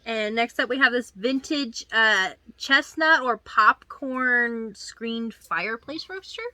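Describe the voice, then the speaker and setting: A woman casually walks through the items she sold, upbeat and chatty. Her voice sits a little high and sounds bright and forceful. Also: takes it slowly, no room sound. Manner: upbeat, says "guys" often. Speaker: co-host of a reselling channel.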